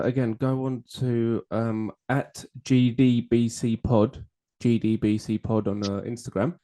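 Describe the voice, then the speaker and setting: Male podcast host, jokey rambling banter, mellow timbre. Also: mid-range voice. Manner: jokey, rambling, laughs at own jokes. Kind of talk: casual banter over drinks.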